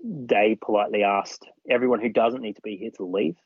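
A husky man with a fairly low voice tells a story as a podcast guest, animated and chatty. The recording is dry and a little dull, like lo-fi audio. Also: a little fast, no echo. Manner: recounts events animatedly, often acting out others' words. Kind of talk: casual storytelling.

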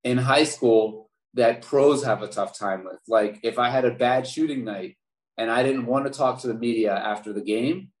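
A man in his forties from Baltimore tells his story as a podcast guest. He speaks at a middle pitch, energetic and quick to repeat himself. His voice carries a noticeable room echo. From Baltimore, USA. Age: 40s. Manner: animated storyteller, repeats words. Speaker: podcast guest, former basketball player. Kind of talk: interview storytelling. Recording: roomy echo.

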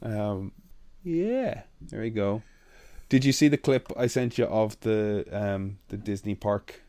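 A man co-hosting a podcast in casual chat, animated and sweary as he rants. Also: lowish voice, a little slow, no room sound. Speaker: podcast co-host.

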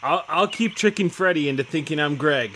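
Man, high voice, lively, playful tabletop player, faint hiss. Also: brisk. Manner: playful, jokey. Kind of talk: casual in-character game chat.

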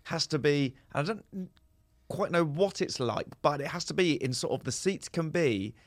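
A man's voice: a little high, expressive, normal speed, no echo, studio quality. A young adult man, co-hosting a casual podcast chat, rambling through ideas with restarts. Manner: rambling, restarts, mock film-critic musings. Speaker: podcast co-host.

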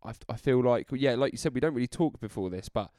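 A man's voice: medium pitch, expressive, fast, dark tone, no room sound, studio quality. A young man co-hosting a podcast in casual chat, hungover, teasing his friend and hesitantly repeating himself. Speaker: podcast co-host.

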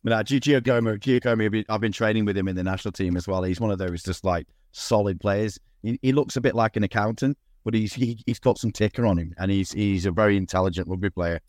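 A man talks through a casual podcast chat in a lowish voice, tripping over his words and restarting often. He swears now and then. The sound is dry and close, with no room in it. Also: fast talker, few pauses, darkish tone, no echo. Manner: rambling, many restarts and fillers, swears. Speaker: podcast host.

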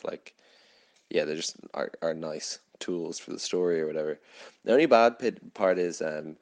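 A young man giving a rambling, casual film review full of filler words. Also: low voice. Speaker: film podcast host.

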